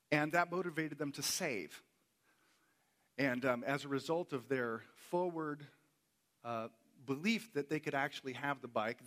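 Male pastor, sermon delivery, earnest and emphatic, average pitch. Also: fairly bright tone. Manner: earnest, emphatic, repeats key phrases.

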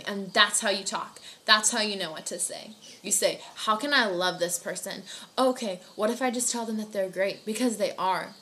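A young woman giving an earnest, encouraging devotional talk, casual and warm in manner with frequent fillers like "like". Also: medium pitch, normal speed. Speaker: youth devotional speaker.

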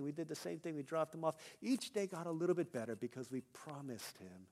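A young male pastor preaching a sermon, telling a personal story and building to loud, emphatic peaks. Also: fairly high pitch, lively intonation, fairly quick, few pauses.

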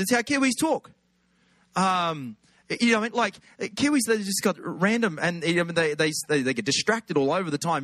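A man with an Australian accent, a pastor telling funny stories in an animated sermon. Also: sits high, fast, no echo. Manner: animated, jokey, lots of put-on voices. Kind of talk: humorous sermon storytelling.

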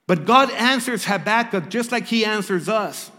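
A man preaching a sermon to a church congregation. He stumbles over repeated words and rises to loud, emphatic reading. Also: high voice, lively intonation, moderate pace, big-room sound. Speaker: pastor. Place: church service.

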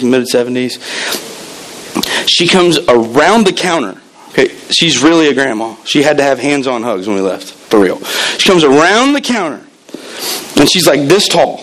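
A man's voice: medium pitch, fairly bright tone, rough recording. A man preaching a sermon as pastor, telling stories animatedly and repeating words as he builds up.

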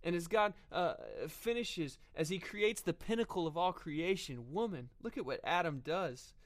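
Earnest man preaching, voice pitched slightly high. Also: animated, moderate pace. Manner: earnest, frequent fillers and restarts. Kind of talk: sermon.

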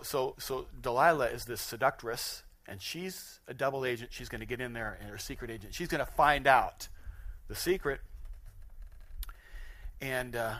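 A man preaching a sermon in an animated, conversational way, often chuckling at his own points. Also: medium pitch. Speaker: pastor.

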